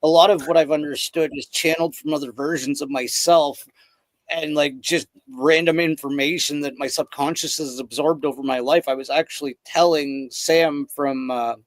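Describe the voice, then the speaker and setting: A man's voice: fairly high pitch, steady tone, moderate pace, dry recording. A man hosting a casual podcast, telling loose rambling stories and swearing freely. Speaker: podcast host.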